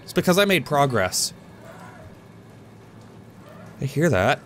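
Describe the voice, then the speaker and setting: A young man rambles through a game in a casual, goofy way, chatting to objects and to himself. His voice sits in an ordinary middle pitch. A faint hiss of noise runs under the recording. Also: sing-song, slow, a bit bright. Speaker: let's play gamer. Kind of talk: casual gameplay commentary.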